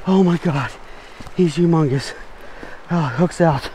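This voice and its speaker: A man vlogging his fishing outdoors by a stream, exuberant and repeating himself with excitement. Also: fairly high pitch, unhurried. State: out of breath. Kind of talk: excited outdoor vlog narration. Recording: faint stream noise outdoors.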